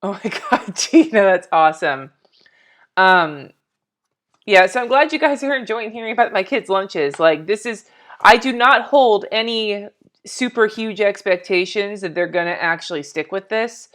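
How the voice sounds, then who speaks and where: A woman's voice: medium pitch, lively intonation, moderate pace, a bit bright. A woman in her forties, chatty and scattered, talking to herself and to viewers while she decorates a planner on a live stream, swearing casually. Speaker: planner vlogger.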